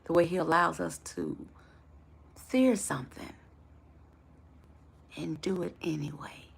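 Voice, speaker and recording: A woman's voice: low-pitched, takes it slowly, creaky, slightly rough. A woman life coach giving a motivational live talk to her viewers, affectionate and preacher-like in her encouragement.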